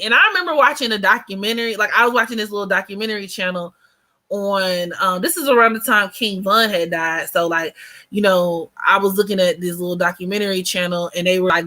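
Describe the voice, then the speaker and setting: Young woman vlogger with a bright, forward voice, gabby storytime energy. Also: mid-range voice, brisk. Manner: chatty and animated, heavy on fillers, addresses viewers as y'all. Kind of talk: casual storytime chat.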